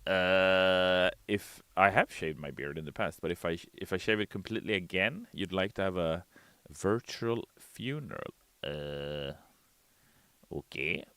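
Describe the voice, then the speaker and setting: Lively, animated bright-voiced male streamer. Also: deep voice, a little slow, smooth, no echo. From Sweden. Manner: playful, reads chat messages aloud in mock voices. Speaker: streamer host. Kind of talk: casual live-stream chat. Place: home studio. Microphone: studio mic.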